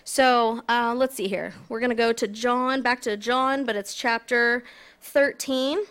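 A woman's voice: on the high side, steady tone, unhurried, fairly bright tone. A woman filling in as preacher, giving a casual, conversational sermon with self-deprecating asides. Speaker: guest preacher.

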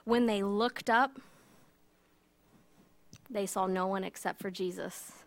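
A woman telling a Bible story in a casual, animated way, full of fillers and asides, as a teacher. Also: mid-range voice, slow, vocal fry. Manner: chatty, animated, many fillers.

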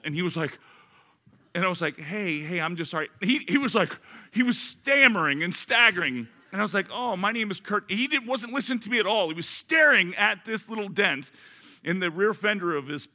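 A man's voice: sits high, normal speed. A man, a pastor, preaching a sermon and telling a personal story, acting out both sides of the conversation. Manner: animated storyteller, acts out both sides of a dialogue.

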